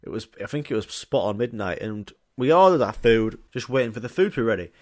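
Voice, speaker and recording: A man's voice: medium pitch, animated, quick pace, darkish tone. A young man, telling rambling, sweary, jokey stories on his own podcast. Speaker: podcast host. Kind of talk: casual solo podcast storytelling.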